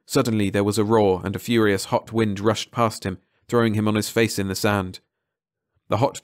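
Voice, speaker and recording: A man narrating an audiobook in calm, measured scripted narration. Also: on the low side, no room sound, clean studio sound.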